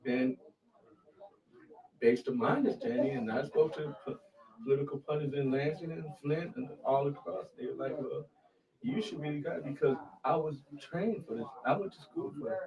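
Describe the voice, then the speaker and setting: A man with a fairly high voice talks at a normal pace over crowd noise, co-hosting a local political talk show in a casual, blunt, emphatic style. He's a former county commissioner, and the audio sounds muffled, as if from a distant mic.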